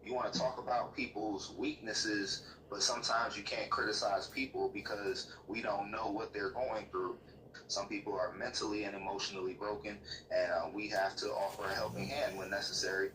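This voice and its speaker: Synthetic male chatbot, formal and lecturing, low, bright tone, played from across a roomy space, faint tv behind. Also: level tone, moderate pace, distant mic, a little hiss or hum. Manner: stiff, lecturing, polite. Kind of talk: calm, formal replies. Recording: roomy speaker playback with faint TV.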